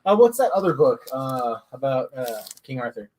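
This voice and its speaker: A man's voice: medium pitch, sing-song, normal speed, darkish tone. A young man from the United States making brief, dry remarks while chatting casually about comics. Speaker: co-host. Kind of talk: casual chat.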